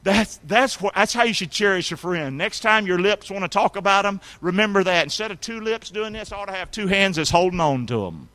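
A man preaching a sermon as a pastor, with emphatic call-and-response and sudden shouted lines for emphasis. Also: high-pitched, lively intonation, a little fast, hardly any pauses. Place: church sanctuary.

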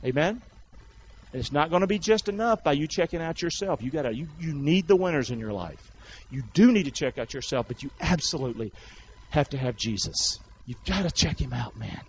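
Preaching man with a lively high voice. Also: fairly quick, lo-fi sound, slight background noise. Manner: call-and-response preaching, rising to shouts. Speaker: pastor. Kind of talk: sermon.

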